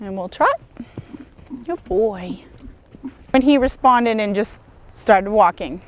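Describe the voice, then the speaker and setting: A woman horse trainer calmly demonstrating lunge work outdoors, encouraging and steady as she explains each step. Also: medium pitch, moderate pace. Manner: calm, encouraging, praises the horse often. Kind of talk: instructional demonstration.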